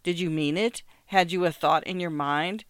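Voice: mid-range voice, steady tone, normal speed, clean tone, dry recording, lightly acted. A reader voicing a desperate, agitated man who talks in pressing, feverish questions in a story reading. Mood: bitter, pressing.

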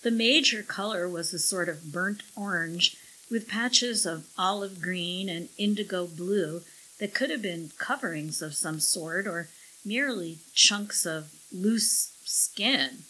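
Slow, bright-voiced woman narrator. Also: on the low side, slightly rough, low-quality recording. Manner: measured storytelling. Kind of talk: audiobook narration.

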